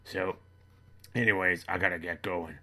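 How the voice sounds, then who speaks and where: Brief: deep-voiced man, rambling deadpan comic monologue, crisp bright tone. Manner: rambling, matter-of-fact, halting restarts. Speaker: comedy character monologue host. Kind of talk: deadpan dark comedy monologue.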